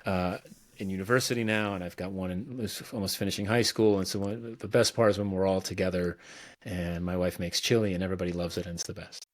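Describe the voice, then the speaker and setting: A middle-aged man talking as a podcast guest in a casual, relaxed way, with many fillers and restarts. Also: low voice, fast talker, no echo. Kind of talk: casual conversational interview.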